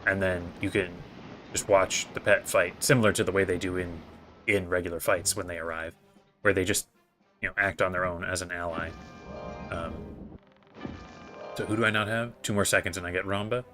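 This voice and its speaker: A man's voice: low-pitched, fairly even intonation, normal speed, long pauses, sharp tone, soft background music. A man giving casual gameplay commentary as host, thinking aloud in a hesitant way with many fillers. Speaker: gaming video host.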